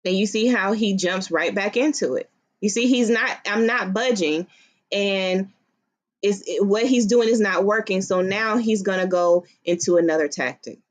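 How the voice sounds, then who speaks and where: A woman's voice: medium pitch, normal speed. A woman telling her story to viewers, explaining in a reflective, conversational way. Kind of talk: storytime commentary on a recording.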